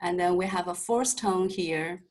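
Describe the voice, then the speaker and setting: A woman's voice: on the low side, a little slow, low-quality recording. A woman teaching a Mandarin lesson over a video call, explaining patiently step by step with light humor. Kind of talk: online language lesson.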